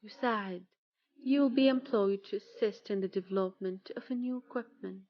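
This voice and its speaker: A woman teaching vocabulary, reading single words and example sentences in a slow, measured way. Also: medium pitch, no room sound, dull audio. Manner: slow, measured reading, one word at a time.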